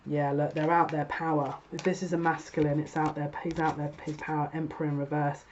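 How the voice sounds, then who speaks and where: A woman's voice: deep voice, flat delivery, brisk, a little mellow, highs cut off, a little hiss or hum. A woman giving a tarot card reading, chatty and exasperated, with laughing asides. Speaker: tarot reader.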